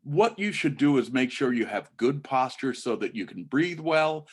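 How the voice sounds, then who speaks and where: A man's voice: mid-range voice, big pitch swings, breathy edge. Emphatic man advising on interviews. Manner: emphatic, drawn-out stresses on key words; mimics bored and gushing teen voices. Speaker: college admissions advisor. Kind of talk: instructional talk to students.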